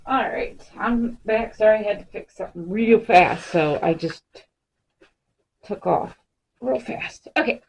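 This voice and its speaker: A woman's voice: mid-range voice, a little slow, slight background noise, rough recording. A woman chatting casually through a crafting demonstration in her home craft room, now and then talking to her pets. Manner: chatty, talks to her pets mid-task. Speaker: crafting vlogger.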